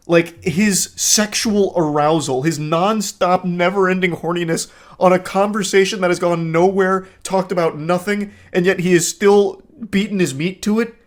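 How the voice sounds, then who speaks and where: A man in his thirties giving comedic commentary while reading text messages, mostly deadpan but breaking into incredulous outbursts. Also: high voice, moderate pace.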